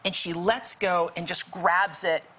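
A woman's voice: on the low side, steady tone, a little slow, bright, forceful tone, husky. A woman guest telling a faith story vividly, acting out the dialogue in it. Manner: vivid, acts out quoted dialogue. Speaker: guest author. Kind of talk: storytelling testimony.

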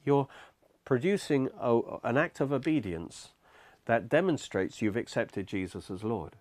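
A man's voice: medium pitch, expressive, a little slow, darkish tone, no echo. A man preaching a sermon, explaining scripture step by step in an earnest, emphatic way.

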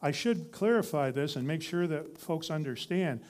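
Guy preaching, kinda higher voice, chatty then punchy repeated lines. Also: animated, normal speed, a little mellow. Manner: conversational, builds to emphatic repeated phrases. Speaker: preacher teaching a class. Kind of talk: sermon.

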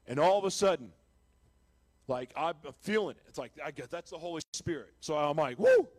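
A man's voice: a little high, a little fast, dry recording. Earnest man giving a Christian testimony. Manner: earnest and confessional, with restarts and self-deprecating laughs; grows loud and impassioned when retelling his conversion. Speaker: speaker giving a testimony on live TV. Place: television studio.

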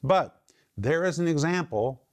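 A man's voice: fairly high pitch, lively intonation. Emphatic male Bible teacher. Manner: emphatic, drawn-out stressed phrases.

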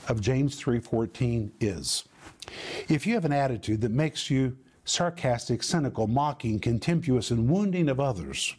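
A man's voice: medium pitch, darkish tone. A man preaching a sermon, emphatic, explaining Greek words and building long lists with rising force. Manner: spells out Greek word meanings. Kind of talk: sermon teaching.

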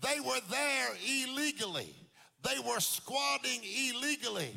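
High, gravelly preaching man. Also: expressive, measured pace. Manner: sing-song preaching cadence that climbs into shouts. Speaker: pastor. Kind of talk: sermon. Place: church. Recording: long hall reverb with faint music.

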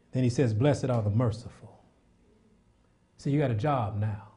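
A male preacher delivering a sermon in a warm, relaxed-toned voice. He swells into loud, rapid exhortation, stumbling over repeated words, then sinks to soft, intimate prayer. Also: mid-range voice. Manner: repeats words when worked up.

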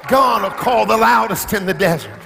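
High, gravelly impassioned male preacher. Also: moderate pace, in a large hall, over music, a crowd in the background. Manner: impassioned, call-and-response preaching with shouts and sung phrases. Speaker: pastor. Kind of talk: sermon. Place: church.

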